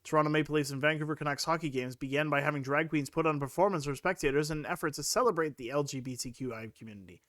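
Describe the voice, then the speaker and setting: A man's voice: fairly high pitch, very fast, hardly any pauses, fairly bright tone, dry recording, studio quality. Sarcastic man reading news aloud. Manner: sarcastic, exasperated. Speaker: podcast co-host. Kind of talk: casual opinion chat, reading news aloud.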